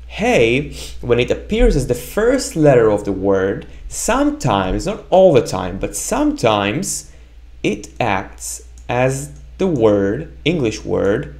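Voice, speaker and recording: A man's voice: medium pitch, wildly swooping pitch, darkish tone. A man teaching a Hebrew reading lesson, patiently drilling sounds and checking in with "right?" as he goes. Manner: repeats sounds slowly for the learner to echo, often checks with "right?". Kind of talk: slow, patient language lesson.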